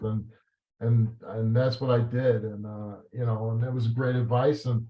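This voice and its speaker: A man in an interview, telling stories and reminiscing in a halting way, with many fillers and restarts. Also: medium pitch, little pitch movement. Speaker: talk show host as guest. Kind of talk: reflective interview answers. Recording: roomy and slightly dull sound.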